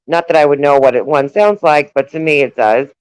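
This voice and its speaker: A woman's voice: low-pitched, a little fast, darkish tone, clean tone, poor audio. A woman with a New York accent hosting a casual chat, talking loosely with lots of fillers and frequent laughs. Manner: chatty, laughs often, trails off with fillers. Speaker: host.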